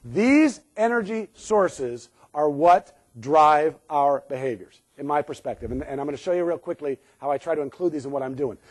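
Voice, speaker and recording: Brief: higher-pitched male safety speaker, sarcastic keynote humor, talks to the crowd. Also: expressive, moderate pace, few pauses, a little mellow. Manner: sarcastic, joking, acts out what people say. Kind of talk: humorous keynote talk to an audience.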